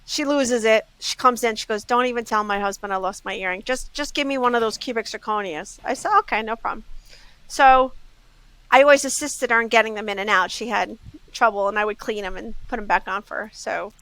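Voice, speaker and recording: Bright-voiced woman telling store stories. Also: a little high, a little fast, rough recording. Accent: Southern US. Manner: lively anecdotes, acts out customers' quotes. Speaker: jewelry store owner, guest. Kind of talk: casual storytelling.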